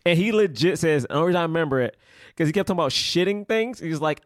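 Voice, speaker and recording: Animated man chatting about a movie. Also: very fast, no room sound, clean studio sound. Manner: animated, acts out movie lines in high voices. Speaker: podcast co-host. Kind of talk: casual movie review chat.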